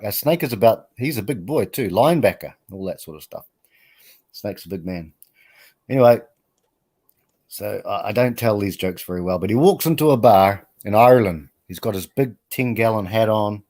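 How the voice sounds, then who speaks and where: A man's voice: lowish voice, a little mellow. A man hosting a live stream, chatting casually in a rambling, self-deprecating way and laughing often. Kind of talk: casual chat.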